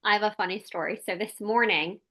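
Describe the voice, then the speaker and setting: A woman's voice: medium pitch, brisk, bright, forceful tone. A woman in her thirties hosting a podcast, talking candidly and casually, with lots of "like" and the odd swear. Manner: candid, chatty, peppered with "like" and mild swearing. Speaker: podcast host.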